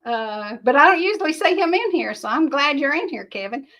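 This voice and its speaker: A woman's voice: sits high, lively intonation, a little fast, sharp tone, dull audio. An older woman, hosting a rambling livestream, chatting casually and answering viewer comments in a folksy way. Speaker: livestream host.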